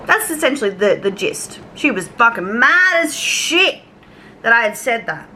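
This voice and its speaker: Bright-voiced Australian woman ranting casually. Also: on the high side, very animated, a little slow, slight background noise, poor audio. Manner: chatty, swears, goes off on tangents, acts out conversations. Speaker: YouTube commentary vlogger. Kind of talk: casual storytime rant.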